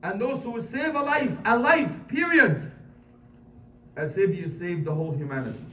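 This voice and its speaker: Impassioned high-voiced preacher in an echoey hall. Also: male voice, animated, bright, forceful tone. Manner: impassioned, rising to emphatic peaks, recites Arabic quickly. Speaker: imam giving a Friday sermon. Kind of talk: sermon. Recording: echoey hall, mic at a distance, faint noise.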